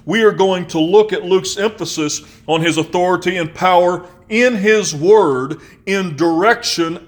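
A man preaching a sermon in a measured, emphatic way, slowing on key phrases and slipping into conversational asides. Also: high-pitched. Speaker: pastor.

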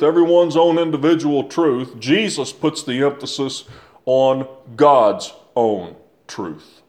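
An older man delivers a sermon in a fairly high voice. He speaks slowly and deliberately, leans on repeated phrases and puts rhetorical questions to his congregation. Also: darkish tone. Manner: asks the listeners rhetorical questions. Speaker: preacher.

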